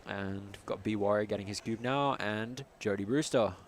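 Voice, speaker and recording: Low-voiced joking male co-commentator. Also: normal speed, a little hiss or hum. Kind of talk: casual live co-commentary.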